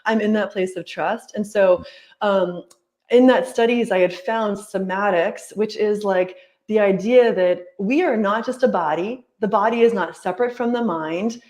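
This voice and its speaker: A woman's voice: mid-range voice, moderate pace, darkish tone. A woman who works as a life coach and yoga teacher tells her story in a casual interview. She is earnest and chatty, and she keeps saying "like" and "right?".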